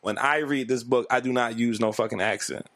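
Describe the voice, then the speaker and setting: A man's voice: medium pitch, a little fast, a bit bright, no room sound. Brief: man in his thirties, insistent co-host who argues his point, plain mid voice. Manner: blunt, profane, insistent. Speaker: podcast co-host. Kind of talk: casual chat.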